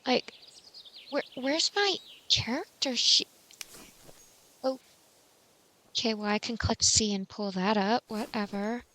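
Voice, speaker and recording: A woman hosting a casual game tutorial, chatty and rambling with many fillers, and quick to mock herself. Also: on the high side, animated, pushed and bright. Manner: self-mocking.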